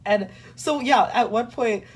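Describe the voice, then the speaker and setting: A young woman chatting casually as a guest, telling a story in an animated, dramatic way, full of "like" and fillers. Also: on the high side, measured pace, slightly rough. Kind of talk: casual chat.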